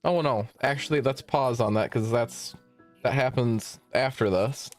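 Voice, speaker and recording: A man's voice: medium pitch, measured pace, soft background music. A young man streaming from home, telling a long work story as a casual rant, rambling and swearing as he backtracks. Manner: rambling, profane, self-interrupting.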